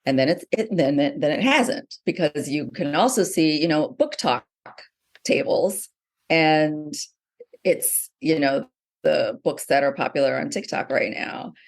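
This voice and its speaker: A woman's voice: deep voice, unhurried. A middle-aged woman, a novelist being interviewed, talking animatedly with many fillers and restarts. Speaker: novelist guest. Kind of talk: conversational interview.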